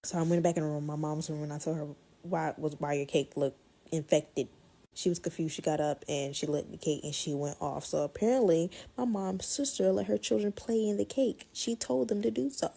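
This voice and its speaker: Gravelly, husky woman telling a story. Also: sits low, a little fast. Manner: animated, blunt, swears freely, repeats words for effect. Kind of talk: casual storytime.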